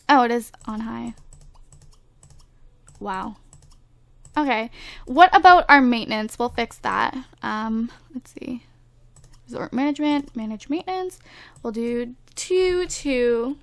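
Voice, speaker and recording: A woman hosting a casual let's-play, chatting to her viewers and teasing the game characters, with lots of filler words. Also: on the high side. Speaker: gameplay video host.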